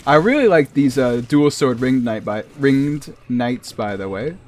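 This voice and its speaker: A man's voice: mid-range voice, unhurried, darkish tone, soft background music. Laid-back Massachusetts-accented man streaming. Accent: New England (Massachusetts). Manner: rambling, chuckling, chatty asides. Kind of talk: casual chat while gaming.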